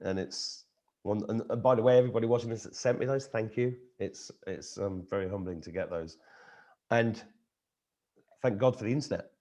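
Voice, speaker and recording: A man's voice: lowish voice, mellow. Easygoing middle-aged male host. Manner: easygoing, unhurried, lots of "you know". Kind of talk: casual video-call conversation. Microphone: video call.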